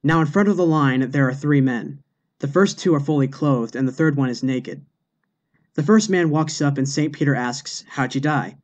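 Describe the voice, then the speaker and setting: A man reads jokes aloud in a steady, deadpan way. His voice sits a little higher than most men's. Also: normal speed. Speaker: joke narrator.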